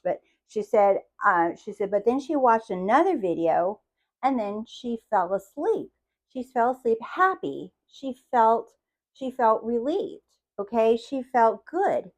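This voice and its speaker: A fairly high-voiced woman coaching her viewers in an animated motivational talk. She keeps asking whether they see her point. Her voice rises and drops sharply as she acts out quoted lines. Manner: acts out quotes with big swings in pitch and loudness. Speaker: manifestation coach.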